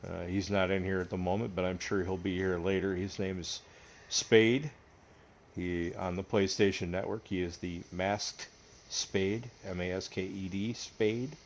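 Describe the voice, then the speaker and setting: A man's voice: deep voice, steady tone, measured pace, slight background noise. A man from upstate New York hosting a casual gaming livestream, joking with his friends and greeting viewers. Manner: joking, laughing, talks to viewers. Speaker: livestream host.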